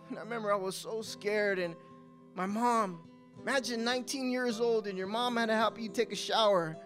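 High-voiced man telling his story. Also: brisk, a bit bright, faint music behind. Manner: emotional storytelling, voice rising in tense moments and dropping low in sad ones. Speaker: speaker giving a testimony. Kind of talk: live spoken testimony. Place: coffee house stage.

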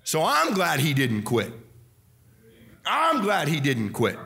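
A young man preaching a sermon as pastor, fervent and repetitive, swinging between shouts and quiet drops. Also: fairly high pitch, wildly swooping pitch, takes it slowly, vocal fry, long pauses, husky. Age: young adult.

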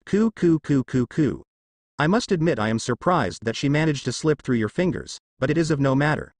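A man's voice: fairly high pitch, lively intonation, normal speed, dry recording, clean studio sound. A man reading the lines of a sinister, sly male villain ninja lord in a fan fiction, with a cooing manner.

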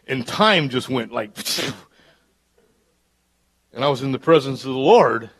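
A pastor preaching a live church sermon, dropping to hushed asides and climbing to loud, emphatic peaks. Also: male voice, medium pitch, lively intonation, slow, slightly rough. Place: church service.

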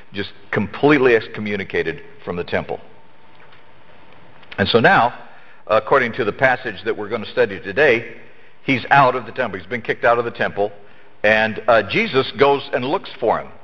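A man leading a Bible study lesson in a church, explaining earnestly and emphatically, often restarting his sentences. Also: mid-range voice. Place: church hall. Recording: echoey church hall, dull lo-fi sound.

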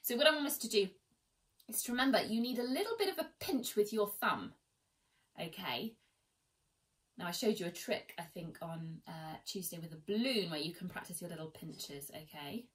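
A woman with a lowish, expressive, fairly bright voice teaches an online violin lesson seated at home, speaking at a moderate pace. She's chatty and encouraging as she counts the students in. The recording is rough, with faint violin playing in the background.

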